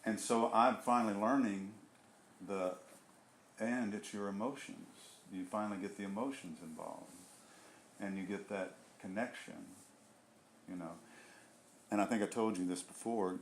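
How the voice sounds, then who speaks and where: A man in a casual group discussion, speaking earnestly and haltingly, often restarting and searching for words. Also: on the low side, steady tone, a little hiss or hum. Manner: earnest and heartfelt. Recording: echoey room.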